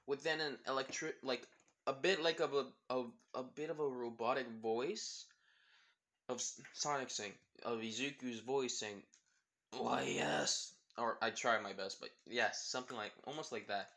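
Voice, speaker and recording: A man's voice: mid-range voice, fairly even intonation, normal speed, pushed and bright. A man improvising a fan story aloud, rambling with many fillers and self-corrections.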